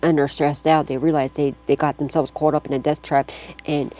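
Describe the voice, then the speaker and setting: A woman with a dark, mellow voice talks her way through a tarot reading in a loose, off-the-cuff style. She is blunt and full of slang, swears freely, and keeps reassuring the listener directly. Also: sits low, level tone, a little fast. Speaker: psychic tarot reader. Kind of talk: casual spoken tarot reading.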